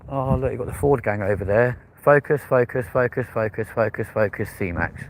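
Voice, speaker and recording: Filming on a handheld phone, this young male vlogger talks bluntly and swears as he drives, then wanders a big indoor supermarket muttering asides. His voice sits in the mid range at a moderate pace, with a little hiss or hum in the recording.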